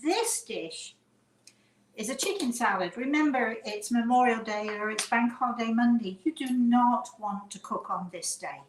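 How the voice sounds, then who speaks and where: A woman's voice: on the high side, moderate pace, background noise. A woman hosting a casual home cooking demonstration, chatting as she measures by eye. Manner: chatty, eyeballing amounts aloud. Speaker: cooking show host. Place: home kitchen. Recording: echoey kitchen with clattering dishes.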